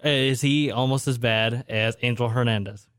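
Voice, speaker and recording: Male sports co-host, mid-pitched, dry and matter-of-fact. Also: steady tone, normal speed, fairly bright tone, clear, resonant tone, no echo. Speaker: co-host asking questions. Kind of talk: casual sports chat.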